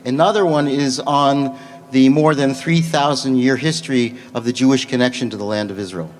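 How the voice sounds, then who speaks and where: A man's voice: medium pitch, steady tone. Man lecturing in an echoing hall. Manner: explanatory, measured. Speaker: lecturer taking audience questions. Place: large conference hall. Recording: long hall reverb.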